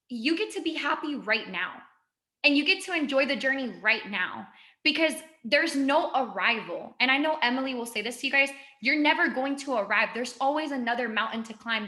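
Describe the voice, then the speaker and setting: A young woman in her twenties, speaking as a guest, gives an emotional motivational talk over video call. She talks fast and chattily and gushes, in a high voice with a sharp tone.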